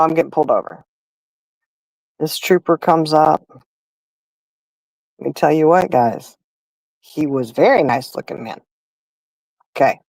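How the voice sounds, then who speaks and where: A middle-aged woman hosts a casual livestream chat. She tells stories in a chatty way with frequent laughter. Her voice sits a little low, and it is recorded close and dry, with no room sound. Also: dry recording, low-quality recording. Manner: chatty storyteller, laughing, addresses chat as y'all. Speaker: livestream host.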